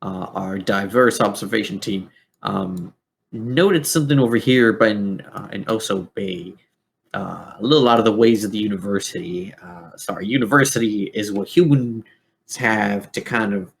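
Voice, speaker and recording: A man voicing a chatty male robot officer who hands out gear and a mission, talking in a halting way with many ums. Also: lowish voice, gravelly, slight background noise. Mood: rambling. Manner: rambling, halting, full of ums.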